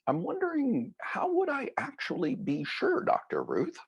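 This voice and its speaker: A man's voice: extremely high pitch, huge pitch swings, normal speed, husky, pitched above the performer's own voice, heavily acted. A man imitating a hesitant young woman in her early twenties calling a radio show. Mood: puzzled. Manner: hesitant, questioning.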